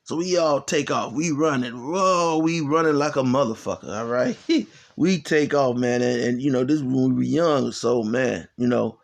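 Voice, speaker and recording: A man's voice: mid-range voice, moderate pace, gravelly. A man telling a long, rambling, profane story in casual talk, full of fillers and "you know," laughing as he goes. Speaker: channel host.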